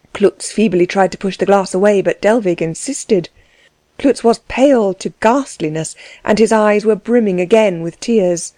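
A woman narrating a novel in a steady, measured reading. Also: mid-range voice, no room sound. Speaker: audiobook narrator. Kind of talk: scripted narration.

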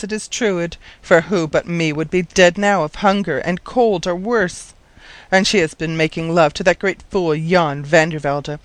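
A man voicing an indignant young Dutch housekeeper, shrill and high-pitched, in a storybook reading. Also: fairly bright tone, dry recording, lightly acted.

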